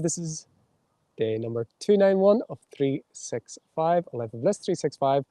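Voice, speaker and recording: A man with a very deep, mellow tone leads a meditative spiritual livestream, moving between flowing chanted syllables and slow, soft channeled readings. He speaks into a mic held close to his mouth in a windy outdoor spot. The sound is dry and close, with no room around it. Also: animated, dry recording. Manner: chants flowing invented-sounding syllables, then reads slowly and softly.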